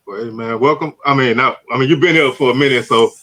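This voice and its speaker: A man's voice: medium pitch, fast, fairly bright tone. A man hosting a casual online show, laid-back and dropping "man" into his sentences. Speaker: host. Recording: dull lo-fi audio.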